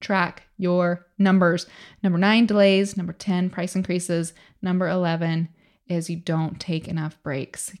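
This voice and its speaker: A woman's voice: on the low side, level tone, unhurried, a little mellow. A middle-aged woman hosting a motivational business podcast, talking in an upbeat, emphatic coaching way with lots of rhetorical questions. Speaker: podcast host.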